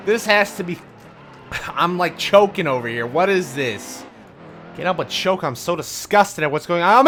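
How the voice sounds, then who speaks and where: A man giving live commentary on a racing game, grumbling and ranting, swinging from low muttering to loud outbursts. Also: very animated, measured pace. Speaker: gaming video host. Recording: game engine noise behind voice. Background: racing game car sounds.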